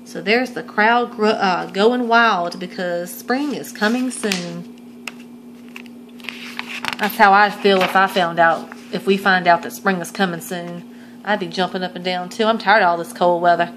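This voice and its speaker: A woman reading a children's picture book aloud, adding gentle asides for young listeners. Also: mid-range voice, slight background noise, low-quality recording. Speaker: storytime reader.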